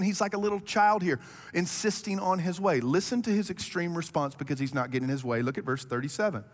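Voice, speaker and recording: A male pastor preaches in a lively, conversational style and often clears his throat. His voice sits a little high, and a long hall echo trails after each phrase. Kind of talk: sermon.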